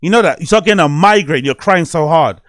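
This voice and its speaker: A man's voice: fairly high pitch, fast talker, fairly bright tone, no echo, clean studio sound. A man hosting a podcast, telling a personal story in a rambling, candid way, swearing often. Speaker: podcast host. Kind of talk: casual podcast monologue.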